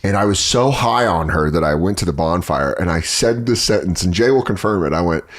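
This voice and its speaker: A man hosting a casual comedy podcast, his pitch bouncing all over as he tells stories. He slips into mocking voices for the people he quotes and keeps the humor crude. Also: fairly quick. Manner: animated storytelling, mimics people in quoted voices; crude, joking. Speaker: podcast host.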